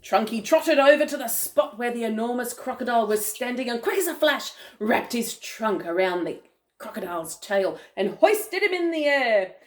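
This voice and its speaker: An older woman reads a picture book aloud to her grandchild in a playful, animated way. Her voice is high and lively, climbing and dropping all over the place as she reads. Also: moderate pace. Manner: animated, playful, with gasps and chuckles.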